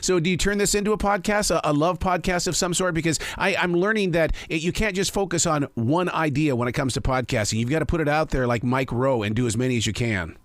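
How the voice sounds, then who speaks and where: A man's voice: fairly high pitch, fast, few pauses, dry recording. Enthusiastic male host, long wandering questions, dry close sound. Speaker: interview host. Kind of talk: casual interview chat.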